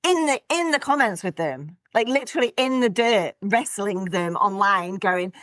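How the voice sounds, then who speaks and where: A middle-aged woman, a podcast guest telling stories in a blunt, direct, lively way. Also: medium pitch, moderate pace, dry recording. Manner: blunt, direct, animated storytelling. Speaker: podcast guest, business coach. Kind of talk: casual interview chat.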